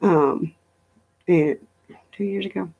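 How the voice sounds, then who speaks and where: A woman's voice: fairly low pitch, slow, dark tone, slightly rough, muffled recording. A middle-aged woman chatting casually on a live stream from home, rambling through travel stories and reading viewer comments aloud. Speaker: livestream host.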